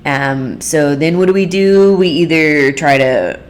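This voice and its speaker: A young adult woman hosting a solo talk, thinking aloud in an unhurried, searching way with many fillers and restarts. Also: sits low. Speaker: podcast host. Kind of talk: reflective solo monologue.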